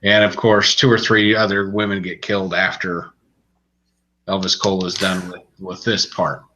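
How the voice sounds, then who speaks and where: Against a noisy background, a low-pitched man talks at normal speed. Co-hosting a podcast about books, he retells a plot in a relaxed, rambling, casual manner, stopping and restarting as he goes.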